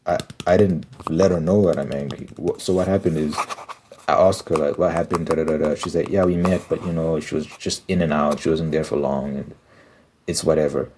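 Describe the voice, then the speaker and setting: Deep-voiced man ranting in an ASMR ramble. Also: a little fast, noisy background. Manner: exasperated, animated storytelling with frequent restarts. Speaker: ASMR channel host.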